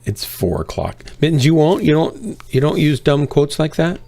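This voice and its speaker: A man's voice: on the high side, expressive, moderate pace, mellow, dry recording. A man hosting a live game stream, chatting casually and self-deprecatingly with viewers while he plays.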